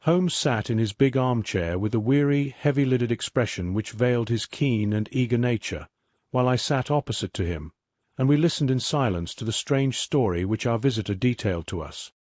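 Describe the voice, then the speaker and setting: Calm male sleep-story narrator. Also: mid-range voice, no echo, studio quality. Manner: calm, measured.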